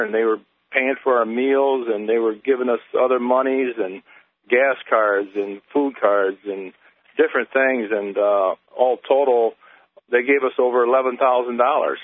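An older man calling in, telling his story haltingly with many pauses and fillers. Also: mid-range voice, dry recording. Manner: halting, many uh and um, gets emotional. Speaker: caller. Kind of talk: phone-in testimony. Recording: tinny phone line.

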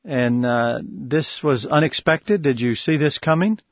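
A man's voice: mid-range voice, measured pace, lo-fi sound, a little hiss or hum. A man hosting a faith radio show, asking earnest, encouraging questions. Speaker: radio host.

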